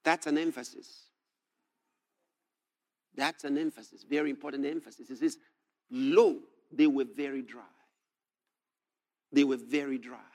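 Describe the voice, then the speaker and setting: A man preaching a sermon, reading scripture aloud and commenting on it, rising to shouts and laughing with delight at the text. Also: on the high side.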